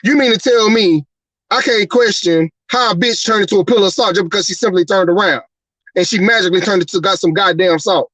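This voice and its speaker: High-voiced man on an angry, profane rant. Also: a little fast, a bit bright, no room sound, poor audio. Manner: profane, angry, repeated rhetorical questions. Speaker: host. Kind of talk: heated live-show rant.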